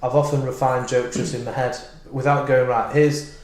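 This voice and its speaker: A man's voice: medium pitch, level tone, moderate pace. A man who is a comedian, chatting loosely as a podcast guest, rambling and restarting his thoughts. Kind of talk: casual podcast chat. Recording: roomy echoey room.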